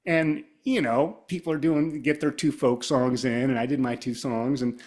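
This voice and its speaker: In a casual storytelling interview, a middle-aged guest guitarist from Ohio rambles through his memories at a moderate pace. His voice has an ordinary middle male pitch, and he wanders between asides and slips into animated impressions of the people he quotes.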